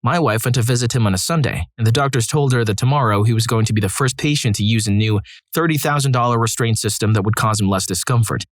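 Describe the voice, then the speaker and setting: A man's voice: medium pitch, quick pace, no echo. A man narrating read-aloud stories in a scripted style, adding wry, dry asides between them. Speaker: story narrator.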